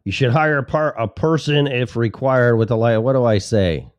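A man's voice: mid-range voice, normal speed, clear, resonant tone, no echo, muffled recording. A man from the Chicago suburbs hosting a talk show, rambling alone at the mic in a sarcastic, profane way and interrupting himself. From Chicago suburbs, Illinois. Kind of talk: solo rambling monologue.

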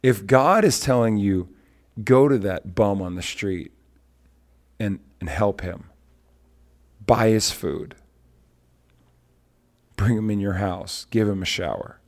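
A man's voice: fairly low pitch, takes it slowly, pauses often. A middle-aged man, a traveling worship leader and evangelist, telling stories on a faith talk show and acting out the people he quotes. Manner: animated storyteller, acts out quotes.

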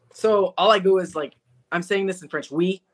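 A woman from Manitoba, a podcast guest telling her faith testimony, acting out conversations with lively animation. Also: lowish voice, normal speed, husky. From Manitoba, Canada. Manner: animated storyteller who acts out conversations. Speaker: interview guest.

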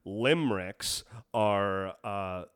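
A man's voice: on the low side, very slow, clear, resonant tone. A man co-hosting a casual comedic podcast, joking and laughing as he reads about poetry. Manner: lively, laughing, jokey. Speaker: podcast co-host.

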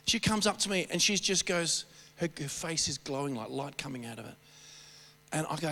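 A man preaching a sermon, telling stories in an animated, rambling way with many restarts. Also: on the high side, brisk, big-room sound. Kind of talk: storytelling sermon.

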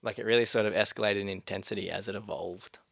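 An Australian man hosting a casual word-origin chat in a studio, explaining etymology and drawling key words slowly. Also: lowish voice, fairly even intonation, gravelly, fairly bright tone, no echo. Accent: Australian English. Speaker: podcast host. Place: small studio. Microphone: studio mic.

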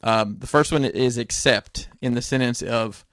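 A man's voice: medium pitch, a little slow, a bit bright, no room sound, clean studio sound. A man in rambling casual podcast chat, swearing casually.

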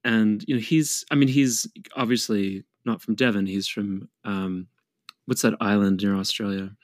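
A man co-hosting a podcast in casual chat, teasing the guest with a deadpan joking manner. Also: on the low side, normal speed, no room sound, studio quality. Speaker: podcast co-host.

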